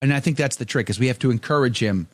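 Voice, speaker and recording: A man's voice: medium pitch, quick pace, no room sound. A male host in casual live-stream chat, reading viewer comments aloud and talking candidly. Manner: candid, conversational, with frequent restarts.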